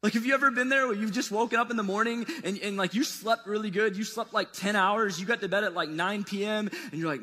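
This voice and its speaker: Casting note: man with a high voice, relaxed conversational sermon style, recorded in a hall with long echo. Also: quick pace, hardly any pauses. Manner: casual, conversational preaching with wide swings in pitch and loudness. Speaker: preacher. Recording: long reverb of a large hall.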